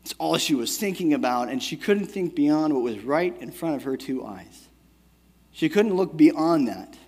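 Conversational pastor with a high-pitched voice. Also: male voice, expressive, moderate pace, a little mellow, slightly rough. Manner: conversational, keeps asking "right?". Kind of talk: sermon with personal story. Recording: long hall reverb.

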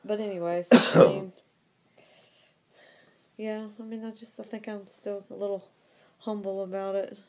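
A woman's voice: medium pitch, lively intonation, a little slow, pauses often, a little mellow. A woman in casual chat as co-host, laughing often and swearing casually.

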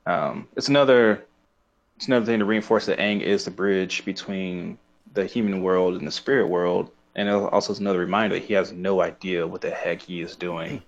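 A man with a low voice chats casually on a podcast. He often gropes for the right word and breaks into laughter. The recording sounds dull and lo-fi. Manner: searches for words, laughs often. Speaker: podcast co-host. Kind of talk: casual chat.

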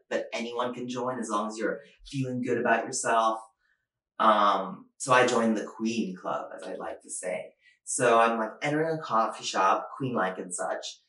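Animated young man doing stand-up in an echoey room. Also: mid-range voice, recorded from a distance. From Asia. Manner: animated, self-mocking, acts out quotes in raised voices. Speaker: stand-up comedian. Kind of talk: stand-up comedy monologue.

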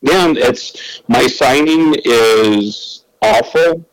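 A man's voice: medium pitch, expressive, very slow, no echo, low-quality recording. A male comedian guest telling loose, casual anecdotes, swearing freely and laughing between lines.

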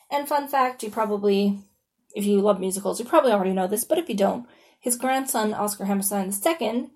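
A woman's voice: mid-range voice, a little mellow. A woman hosting a podcast in a casual solo monologue. She talks in a chatty, informal way, with lots of "you know" and "like", and swears freely. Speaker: podcast host.

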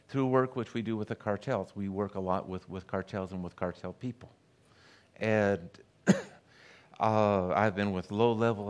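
A middle-aged man preaching a sermon as a guest pastor, telling stories and acting out the people he quotes. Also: on the low side. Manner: storytelling, acts out the voices of people he quotes.

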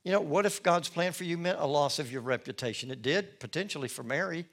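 A middle-aged male pastor preaching a sermon in an expressive storytelling manner. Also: on the high side, fast, hardly any pauses. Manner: expressive, storytelling, acts out scenes. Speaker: lead pastor.

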